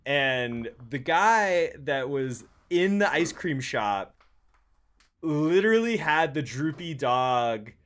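A man chatting casually as a podcast co-host, talkative and quick to laugh, with lots of filler words. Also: a little high, very animated, fairly bright tone. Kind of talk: casual chat about music. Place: lives in North Carolina.

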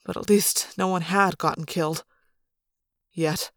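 A woman narrating a fan-made audiobook in the first person with steady, clear storytelling. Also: lowish voice, unhurried, no echo, clean studio sound.

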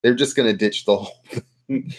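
A man's voice: on the low side, fairly even intonation, brisk. Sarcastic man riffing casually. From United States. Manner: sarcastic, riffing, swears freely. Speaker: podcast co-host. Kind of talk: casual political chat.

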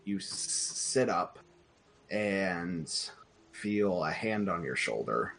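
A man's voice: deep voice, sing-song, takes it slowly, vocal fry, a bit bright. A man narrating as game master in a casual, loosely improvised way, full of fillers, with faint noise behind.

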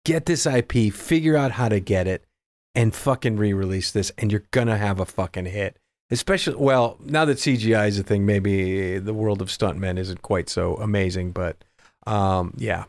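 A man's voice: on the low side, normal speed. A man co-hosting a casual game podcast, speaking emphatically with frequent swearing and often echoing his partner's words. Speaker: podcast co-host. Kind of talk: casual game review chat.

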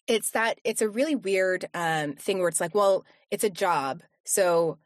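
A woman's voice: lowish voice, no room sound, studio quality. A woman voice coach, a podcast guest, talking casually with many fillers and restarts. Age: adult with young kids. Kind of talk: casual interview chat.

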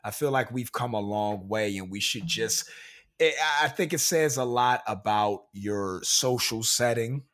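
A man's voice: on the low side, unhurried, a bit bright. A young man co-hosting a podcast, talking in an earnest, frustrated way about being stereotyped, with careful, proper-sounding speech. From Pennsylvania, USA. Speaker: podcast co-host. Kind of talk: casual podcast chat.

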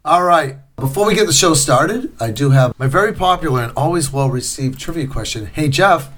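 A man's voice: a little high, animated, fairly bright tone. Easygoing man, casual podcast chat. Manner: easygoing, laughs often, drawn-out trivia setups. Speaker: podcast co-host.

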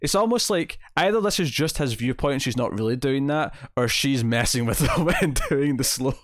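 A man hosts a podcast, chatting casually about a film in a rambling way with lots of restarts and fillers. His medium-pitched voice is animated at a normal speed, in studio-quality sound with no room noise.

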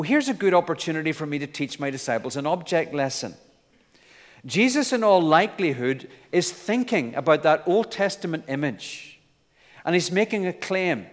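A man's voice: a little high, long reverb tail. A man preaching a sermon in an earnest, emphatic way, with light asides.

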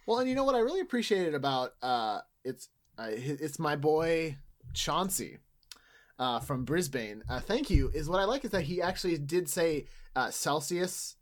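A man's voice: fairly high pitch, expressive, normal speed. A man co-hosting a podcast in casual chat, with a dry, sarcastic way of joking. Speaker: podcast co-host.

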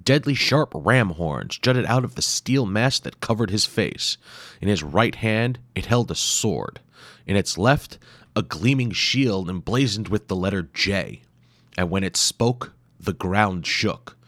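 A deep-voiced male storyteller reads an action tale with lively, swooping intonation. He voices the sound effects himself, recorded close in a dry room. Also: a little slow, no room sound. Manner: dramatic, with acted sound effects. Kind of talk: scripted adventure narration.

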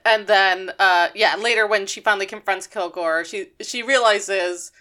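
A woman casually recapping a cartoon episode on a podcast, chatty with quick asides. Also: medium pitch, bright, forceful tone. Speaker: podcast co-host.

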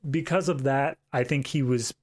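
A man's voice: mid-range voice, steady tone, moderate pace, a little mellow. A man co-hosting a podcast, chatting about a film with jokey asides. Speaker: podcast co-host. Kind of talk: casual film review chat.

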